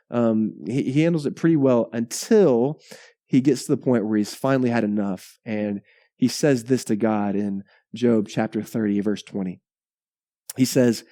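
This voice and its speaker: A male pastor preaching a sermon in a conversational, animated way, often pausing to ask "right?". His voice is mellow and medium in pitch. The sound is dry and close. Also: dry recording.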